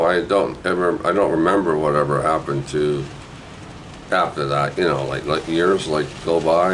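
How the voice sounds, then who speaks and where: Recalling his childhood in a very deep voice, a Canadian man from New Brunswick tells a loose, casual memoir full of tangents and tag questions, dropping "eh" and "right" constantly. The low-quality recording has a little hiss or hum.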